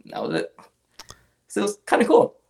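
A young adult man, a guest on an interview show, telling casual stories about collecting comic art and acting out the voices of people he quotes. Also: moderate pace. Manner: animated anecdotes, acts out quoted voices.

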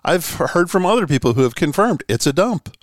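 A man's voice: a little high, fairly quick, no echo, studio quality. A man from the Boston area hosting a podcast, chatting casually and telling stories with jokes. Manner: jokey, animated storytelling. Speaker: podcast host. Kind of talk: casual chat.

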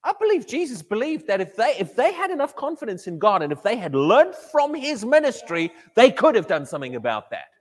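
Animated high-voiced male preacher. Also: brisk, hardly any pauses. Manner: animated, repeats words, acts out whiny quotes. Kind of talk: sermon. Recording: echoey hall reverb.

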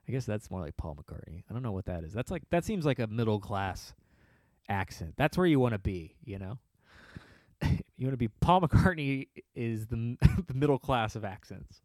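A man's voice: mid-range voice, expressive, moderate pace, dry recording. A man telling a rambling, profane comedic story on a podcast and laughing often. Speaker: podcast host.

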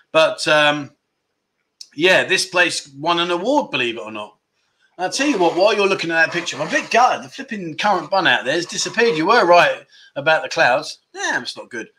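A man's voice: on the high side, bright, forceful tone. A man hosting a casual livestream, chatty and joking as he reads out viewer comments. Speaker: livestream host.

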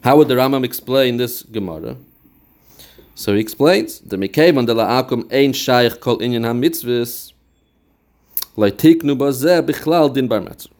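A man's voice: mid-range voice, moderate pace, darkish tone. A man teaching a Talmudic text, explaining it step by step and quoting passages in a study chant. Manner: mixes English with Yiddish and Hebrew terms. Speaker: Torah teacher.

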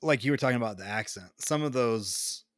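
A man's voice: medium pitch, fairly quick, a bit bright, no echo, studio quality. An American man hosting a podcast, asking curious questions in a casual, loose way with some swearing. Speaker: podcast host. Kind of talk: casual chat.

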